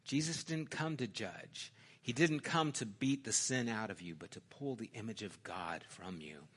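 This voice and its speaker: A middle-aged man preaching a sermon in a conversational way, swinging from loud emphasis down to quiet, intimate asides. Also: on the low side, moderate pace, breathy edge. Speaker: pastor.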